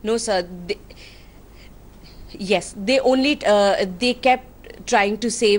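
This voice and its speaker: A woman's voice: medium pitch, slow pace, long pauses. A woman from India with an Indian accent, earnestly and indignantly recounting an incident as an interviewee, politely using honorifics.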